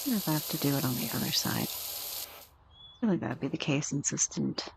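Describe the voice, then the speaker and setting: A young adult woman streaming a game in a soft-spoken ASMR manner, teasing and chatting lazily with her viewers. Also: sits low, lively intonation, moderate pace, gravelly, noisy background.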